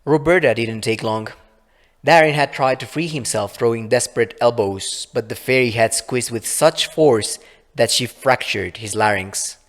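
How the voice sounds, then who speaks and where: A man reading his own short story aloud in a measured, low-key narration, with a long reverb on the recording. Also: a bit bright. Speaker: author and reader.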